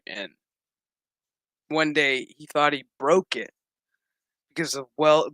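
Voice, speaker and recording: Man, casual episode recap, profane, rambling, bright tone, dry close sound. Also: mid-range voice, no room sound. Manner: rambling, profane, acts out quotes. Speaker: show recap reviewer.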